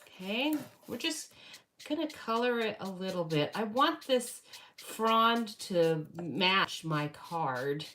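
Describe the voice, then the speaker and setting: A woman's voice: mid-range voice, lively intonation, takes it slowly. A woman hosting a card-making tutorial, chatting casually and thinking aloud as she works at her craft table. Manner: chatty, thinks aloud, self-correcting, laughs at herself. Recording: loud background noise.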